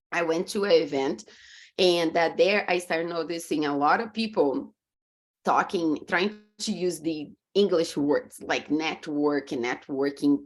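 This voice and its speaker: A woman with a Brazilian Portuguese accent, a podcast guest and coach, telling stories earnestly over a video call and acting out her own reactions. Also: fairly low pitch. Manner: animated storytelling, acts out her own reactions; faith-driven, earnest. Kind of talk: conversational interview.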